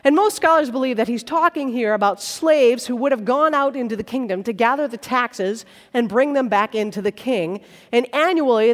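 A woman preacher with a high, lively voice that swoops through a wide range as she retells a parable with playful, animated storytelling. Her voice rings through a large hall with a long reverb tail. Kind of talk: sermon.

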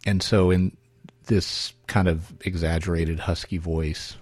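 A man's voice: low voice, flat delivery, takes it slowly, a little mellow, husky, dry recording. A man hosting a solo podcast, thinking aloud in a wry, self-correcting way. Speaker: podcast host.

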